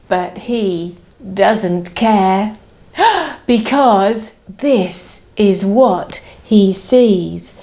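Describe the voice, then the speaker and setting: Slow, high, sing-song woman storyteller. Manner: lively, sing-song, asks children to join in. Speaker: nursery teacher. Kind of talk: reading a picture book aloud to young children.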